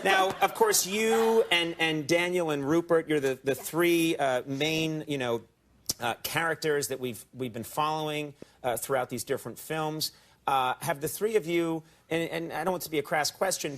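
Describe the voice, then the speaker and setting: A middle-aged American man hosting a late-night talk show, jokey and stammering, with a habit of slipping into silly voices. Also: fairly high pitch. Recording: noisy broadcast audio.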